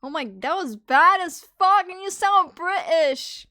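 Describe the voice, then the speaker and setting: High-voiced teasing young woman streamer. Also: unhurried, pushed and bright. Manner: teasing, playful, swearing freely. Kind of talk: casual live-stream chat.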